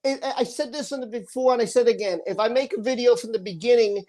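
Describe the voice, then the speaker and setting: A woman's voice: on the high side, fast talker, dark tone. A woman hosting a live stream in casual chat, chatty and giggly, easily flustered, reading viewer messages aloud.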